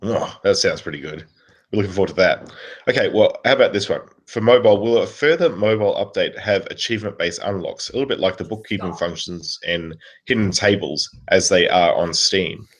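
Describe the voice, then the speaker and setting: A man's voice: deep voice, fairly quick, slightly rough. A man co-hosting a podcast in casual chat, easygoing as he reads listener questions aloud.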